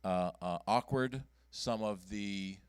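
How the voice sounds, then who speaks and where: A man presenting at a computer club meeting, speaking in a low, smooth, resonant voice. He talks casually and halts often, filling gaps with ums and restarting his sentences. The sound is dry and close. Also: no room sound. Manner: halting, many ums and restarts. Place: meeting room.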